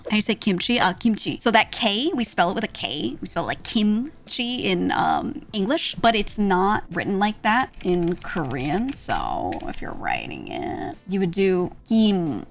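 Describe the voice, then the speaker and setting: A woman's voice: on the low side, fairly bright tone. A young woman streamer giving a casual Korean lesson, chatty and laughing often as she sounds out syllables.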